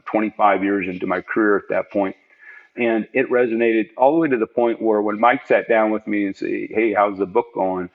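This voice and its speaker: A man's voice: on the low side, creaky. A middle-aged man, a podcast guest, tells earnest, reflective stories of his working life in a conversational interview from home. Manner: earnest, reflective, animated storyteller. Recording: dull lo-fi remote audio.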